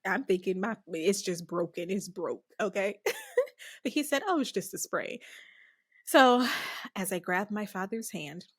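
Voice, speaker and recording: A woman hosting a podcast, telling a personal story in a casual, unhurried way and chuckling often between phrases. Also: medium pitch, big pitch swings, no room sound, clean studio sound. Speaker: podcast host.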